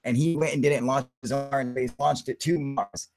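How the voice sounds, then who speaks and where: A man's voice: mid-range voice, steady tone, fairly quick, darkish tone. A man hosting a live stream in loose, heavily profane casual chat, talking through what he is doing on his computer.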